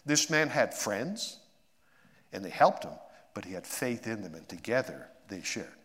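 A man preaching a sermon, telling a personal story with swings from excited to hushed and emotional. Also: fairly low pitch, measured pace, big-room sound. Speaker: pastor.

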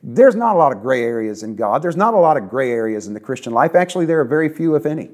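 A man's voice: mid-range voice, big pitch swings, quick pace, a little mellow. A man preaching a sermon in an earnest, conversational way, leaning on emphatic repetition. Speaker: pastor.

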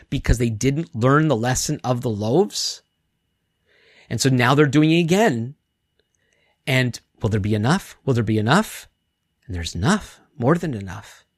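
A man's voice: mid-range voice, no room sound, clean studio sound. A male pastor giving a conversational sermon, acting out quotes and often restarting words. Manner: conversational, animated, acts out quotes, repeats words.

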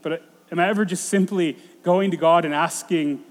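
A man in his thirties delivers a reflective sermon, often restarting his sentences as he thinks aloud. His voice sits a little high for a man, and it rings with the long reverb of a church hall. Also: fairly even intonation. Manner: reflective, halting with frequent restarts. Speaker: pastor.

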